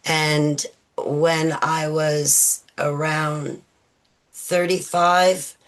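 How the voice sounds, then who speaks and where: A woman in her forties, a guest in an interview, recounting personal memories in a halting way with many fillers and restarts. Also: low voice, flat delivery.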